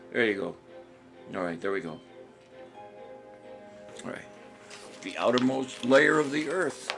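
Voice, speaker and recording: A man's voice: medium pitch, creaky, a bit bright. A man hosting a casual trivia live stream, joking and chuckling while he reads out viewers' answers. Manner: jokey, rambling, chuckles often, reads commenters' answers aloud. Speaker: trivia show host.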